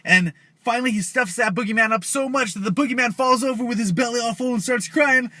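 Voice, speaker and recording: A young man spinning a spooky bedtime tale in a loose, chatty way, dropping slangy asides. His voice sits high for a man and sounds bright and sharp. It is close and dry, with no room around it. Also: fast talker, dry recording. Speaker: YouTuber. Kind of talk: casual storytelling.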